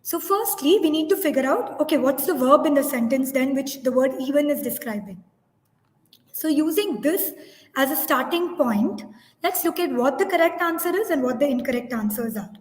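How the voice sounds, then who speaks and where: Woman, high voice, webinar presenter, explains step by step, echoey room, long reverb. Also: expressive, moderate pace, darkish tone. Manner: explanatory, reads out poll results, self-corrects. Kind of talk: online teaching webinar.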